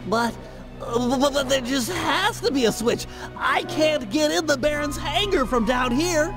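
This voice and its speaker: Fussy cartoonish game turtle; very high, slow, nasal, with music behind. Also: male voice. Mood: fretting. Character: nerdy anxious male turtle genius. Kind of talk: video game cutscene voice acting.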